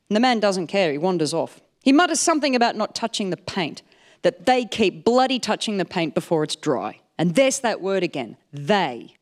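A woman, telling a personal story to a live audience, wry and animated with comic timing. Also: mid-range voice, normal speed.

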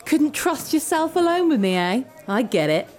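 A woman's voice: high-pitched, big pitch swings, moderate pace, darkish tone. A woman playing a brash, cheeky date.

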